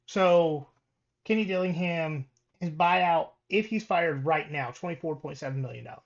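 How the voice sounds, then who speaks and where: A man's voice: a little high, moderate pace, vocal fry, muffled recording. A man co-hosting a podcast, talking casually about sports and reading through records with ums and restarts. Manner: reads stats with many ums and restarts. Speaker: podcast co-host.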